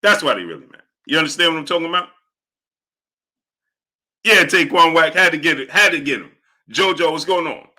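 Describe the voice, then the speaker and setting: A man hosting a live stream, greeting viewers by name and repeating catchphrases in a lively way. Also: on the high side, fairly quick, long pauses. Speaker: live-stream host reading viewer chat. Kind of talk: casual live-stream chat.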